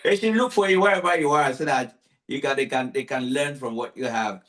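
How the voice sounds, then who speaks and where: A man hosting a podcast, telling stories in lively casual conversation and acting out the people he quotes. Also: mid-range voice, brisk. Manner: animated storyteller, acts out quotes.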